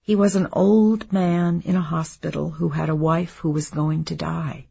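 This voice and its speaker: A woman narrating a memoir in a measured, subdued reading. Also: low voice, steady tone, vocal fry, warm tone, slightly rough, muffled recording.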